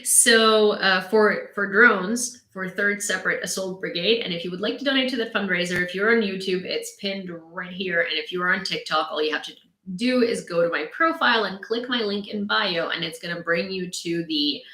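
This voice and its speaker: A young woman with a Ukrainian accent chats casually on a live stream, laughing often. Her voice is bright and forceful. The room around her echoes. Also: mid-range voice, moderate pace. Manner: chatty, laughs often, talks to her dog. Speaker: host of a live news stream. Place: home room.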